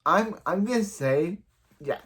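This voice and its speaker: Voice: mid-range voice, lively intonation, measured pace, fairly bright tone, husky. Rambling casual show reviewer. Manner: rambling, with many restarts and fillers; acts out quoted lines in other voices. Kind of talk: casual episode recap.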